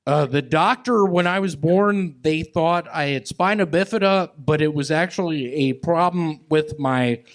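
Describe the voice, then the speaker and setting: A man doing rambling, absurd stand-up and banter on a comedy club stage with a handheld mic. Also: a little high. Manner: drawling, rambling and absurd, slow and halting. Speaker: stand-up comic guest.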